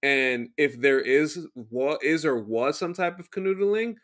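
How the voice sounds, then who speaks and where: A man's voice: on the high side, a little slow, a bit bright. A man co-hosting a podcast in casual chat, easygoing and prone to digressions. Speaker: podcast co-host.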